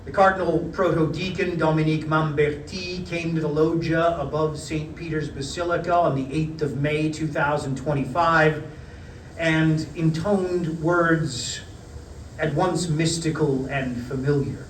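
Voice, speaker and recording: A middle-aged man reading a prepared lecture in a measured, wry storytelling manner. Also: on the high side, steady tone, a little hiss or hum. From United States. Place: parish hall. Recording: roomy hall, mic at a distance.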